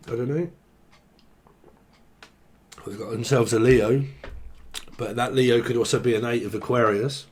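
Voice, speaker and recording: Rambling man reading tarot. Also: medium pitch. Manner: loose and jokey, swears casually, free-associates on words. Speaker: tarot reader.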